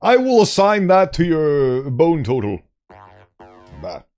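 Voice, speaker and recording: A man's voice: on the high side, huge pitch swings, takes it slowly, a little mellow. A man streaming live, chatting playfully with viewers and laughing as he reads stories. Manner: playful, laughs often, greets chat. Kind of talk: casual live-stream chat.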